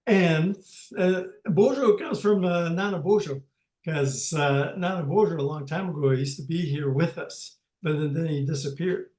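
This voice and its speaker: An older man teaching a language lesson over a video call, speaking haltingly with many pauses and restarts. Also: on the high side, darkish tone, echoey room, poor audio.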